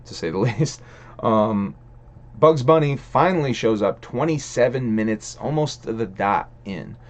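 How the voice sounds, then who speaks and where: Low-voiced man ranting on a livestream. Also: dull audio. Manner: profane, rambling, laughs between thoughts. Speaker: stream host. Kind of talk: casual ranting livestream chat.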